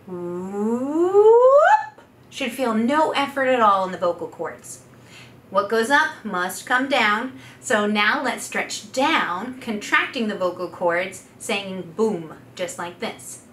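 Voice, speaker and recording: Speaking slowly in a medium-pitched, sharp-toned voice, a female speech pathologist and singer walks through vocal exercises with patient, step-by-step guidance and sung demo notes. The recording has a little hiss or hum, an echoey room, and her voice is a bit distant from the mic.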